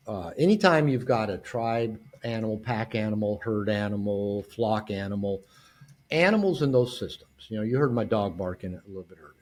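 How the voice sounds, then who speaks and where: Lively, husky-voiced male guest expert. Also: on the low side. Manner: animated, acts out quoted dialogue, frequent restarts. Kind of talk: conversational interview.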